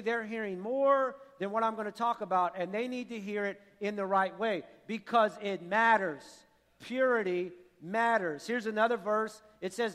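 A man preaching a sermon as pastor, earnest and repeating himself, building to forceful appeals. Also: high-pitched. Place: church sanctuary. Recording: long hall reverb.

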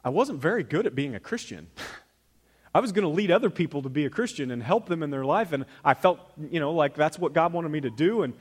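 A male pastor giving a candid, conversational sermon, laughing at himself and swinging from soft asides to loud emphasis. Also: fairly high pitch, expressive, a little fast, breathy edge.

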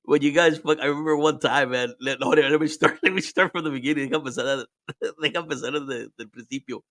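A man's voice: fairly high pitch, fairly even intonation, quick pace, fairly bright tone, no echo. A man, hosting a podcast and telling a story in casual chat, laughing and swearing as he switches between English and Spanish. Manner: drinking while talking. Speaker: podcast host.

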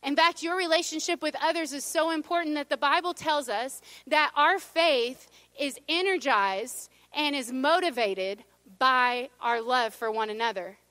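A middle-aged woman preaches in a relaxed, storytelling manner, tossing playful asides to her congregation. Her voice sits high and rings bright. The sound is close and dry. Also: no echo. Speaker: pastor. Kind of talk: sermon.

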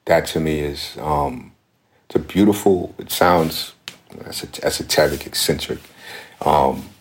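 Super low voiced guy on a podcast, reflective, restarts a lot. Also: measured pace, a little hiss or hum. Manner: thoughtful, restarts phrases often. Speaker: podcast guest. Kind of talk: reflective conversational talk.

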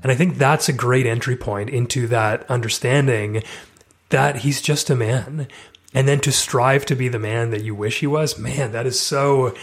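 A man's voice: medium pitch, fairly even intonation, normal speed. A man co-hosting a podcast, responding enthusiastically and affirmingly in casual conversation. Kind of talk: casual chat.

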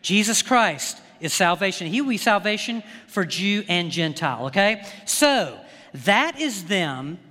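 A male pastor preaching a sermon with rising fervor, often stumbling over quick restarts as he gets worked up. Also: sits high, animated, bright, forceful tone. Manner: impassioned, builds to fervor, rapid restarts. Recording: long hall reverb.

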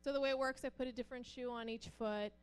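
Her voice is fast, clear, and resonant. This middle-aged pastor's wife entertains a church audience with personal stories, speaking animatedly and lifting her pitch to play the characters she quotes.

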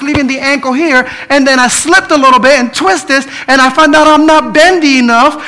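A male preacher with a strikingly high voice and a bright, forceful tone. He preaches casually and with humor, weaving in personal stories and stumbling over repeated words as he goes. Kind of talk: sermon.

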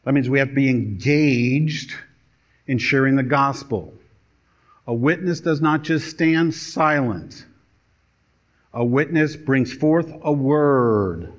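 A man pastor preaching a sermon, telling a story with dramatic pauses and a storytelling delivery. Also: mid-range voice. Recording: dull lo-fi sermon recording.

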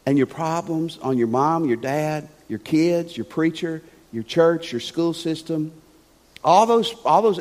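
A male pastor preaching a sermon with animated storytelling, swinging between loud and hushed. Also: a little high. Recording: long church hall reverb.

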